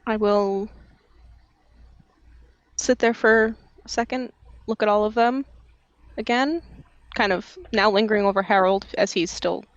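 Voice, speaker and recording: A woman playing in a tabletop role-playing game, describing her character's actions in a careful, deliberate way. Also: mid-range voice, fairly even intonation, dry recording, muffled recording. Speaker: player.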